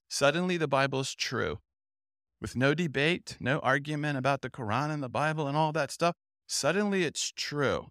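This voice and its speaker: A man's voice: a little high, animated, normal speed, fairly bright tone, no room sound, clean studio sound. A middle-aged man telling a story in a sermon at a youth Bible camp, acting out the quoted voices as he goes.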